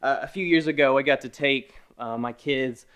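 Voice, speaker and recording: A man in his thirties preaching a conversational sermon, with joking asides, who swings between hushed and emphatic. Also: mid-range voice, moderate pace, clear, resonant tone. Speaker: pastor. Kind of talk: online sermon.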